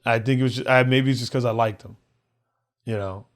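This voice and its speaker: On a podcast, a guest comedian shares a personal story in an easygoing, conversational style. He halts and repeats himself a lot, imitates the voices of others in the tale, and speaks at an ordinary pitch for a man.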